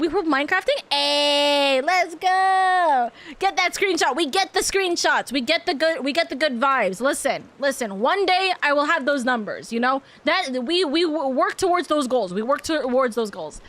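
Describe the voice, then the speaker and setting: A woman with a high, bright speaking voice hosts a casual live stream. She rattles on quickly and affectionately, repeating herself as she greets her viewers one after another. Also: animated. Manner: bubbly, affectionate, rapid and rambling. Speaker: VTuber streamer.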